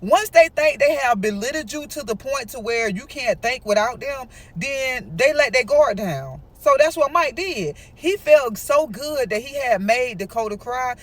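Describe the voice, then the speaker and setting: A woman with a high voice narrating a casual storytime. She is chatty and emphatic, stopping now and then to lecture her listeners directly. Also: lively intonation, a little slow, few pauses.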